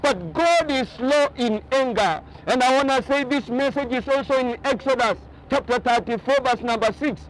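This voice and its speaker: High-voiced pastor preaching. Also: male voice, normal speed, hardly any pauses, a little hiss or hum, rough recording. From Kenya. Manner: emphatic preaching with repeated phrases. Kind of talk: sermon. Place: outdoors on a boat by the ocean.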